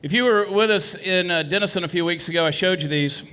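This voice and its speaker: A man's voice: high voice, fast talker, hardly any pauses, pushed and bright, clear, resonant tone. A man, running for office, giving an emphatic, rousing campaign speech that repeats phrases for effect, at a brewery meeting. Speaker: political candidate. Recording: echoey hall.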